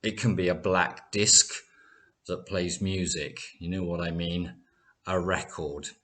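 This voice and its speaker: A man gives an online English lesson in a fairly low voice. He speaks very slowly and deliberately and repeats each example word so the learner can catch the difference. His manner is patient and clear. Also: steady tone, bright, forceful tone. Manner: slow, careful explanations with repeated example words. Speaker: English teacher.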